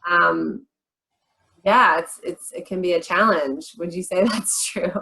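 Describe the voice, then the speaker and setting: A woman's voice: fairly low pitch, creaky, pushed and bright, rough recording. Reflective woman host in her thirties. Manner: reflective, shares personal stories, quick asides. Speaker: interview host. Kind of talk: conversational interview.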